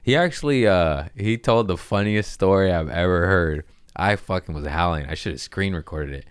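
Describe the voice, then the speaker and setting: A man with a deep, low voice hosts his podcast alone, riffing in a casual, crude way and laughing at himself. The sound is dry and close, with no room echo. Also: lively intonation, moderate pace, clear, resonant tone. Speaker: podcast host. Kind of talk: casual solo podcast monologue.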